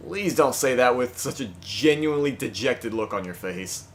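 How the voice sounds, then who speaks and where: A man's voice: medium pitch, lively intonation, soft background music. A man giving casual, sarcastic commentary while playing a video game. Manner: sarcastic, quick asides. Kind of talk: casual let's-play commentary.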